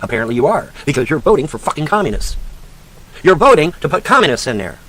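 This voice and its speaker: A man in full rant, swearing freely and hurling insults in a fairly high voice that leaps up and down. He talks down like a scornful teacher quizzing a class, his pitch jumping with every jab. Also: big pitch swings, fast talker. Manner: profane, mocking, shouting insults at a named woman; sarcastic, lecturing like a teacher. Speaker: online commentator. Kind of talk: angry rant.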